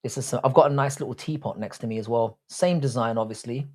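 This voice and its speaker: A man's voice: medium pitch, quick pace, darkish tone. Cocky man bantering on a livestream. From Britain. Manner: crude, cocky banter, calls himself "your boy". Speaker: livestream host. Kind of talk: casual live chat reading out viewer comments.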